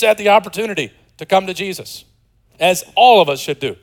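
A man's voice: sits high, a little fast, rough recording. Dynamic man preaching a sermon. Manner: swings from loud excited to soft hushed; conversational, jokey asides. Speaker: pastor.

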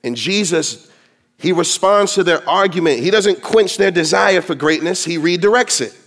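High-voiced man preaching a sermon. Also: normal speed, a bit bright. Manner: emphatic preaching, quotes scripture in dramatic voices. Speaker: pastor.

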